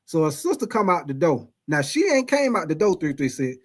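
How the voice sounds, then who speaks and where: A man's voice: fairly high pitch, very animated, fairly quick. A man telling a funny personal story to his live stream chat, repeating himself and laughing often.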